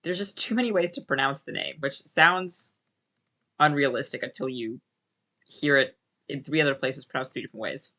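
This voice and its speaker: A man's voice: mid-range voice, moderate pace, bright, forceful tone. A man streaming a game live, musing aloud to his chat in a rambling, self-correcting way. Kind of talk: casual live-stream commentary.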